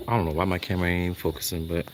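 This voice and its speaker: A man's voice: low-pitched, steady tone, racing, heavy background noise. A man breeding dogs, vlogging live at night outdoors in his kennel yard, rambling and talking to himself as he films on his phone. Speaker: dog breeder. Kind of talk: casual live vlog. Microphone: handheld phone camera. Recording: loud crickets and insects at night. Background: crickets and night insects.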